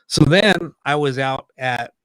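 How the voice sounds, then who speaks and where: Man, podcast co-host, casual storytelling, acts out quotes, middle pitch, dry close sound. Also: slow, clear, resonant tone, dry recording, low-quality recording. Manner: animated, acts out quoted dialogue. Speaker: podcast co-host, paranormal investigator.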